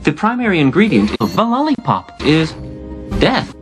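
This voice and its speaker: A man voicing a deadpan robot medical helper who talks in a flat, clinical monotone. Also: fairly high pitch, moderate pace. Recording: background music under the voice.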